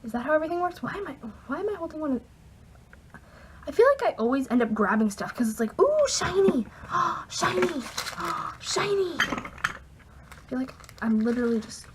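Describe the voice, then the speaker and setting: A woman's voice: a little high, fast, background noise. A woman vlogging to camera in a chatty, rambling, jokey way, sounding a little sick with a cold. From Canada. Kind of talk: casual chat to camera.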